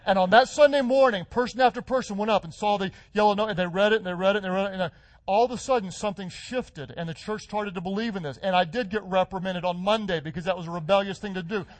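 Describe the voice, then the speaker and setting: A man's voice: sits high, quick pace, dry recording. A middle-aged male pastor delivering a sermon, telling a story and then building to fervent, rising declarations.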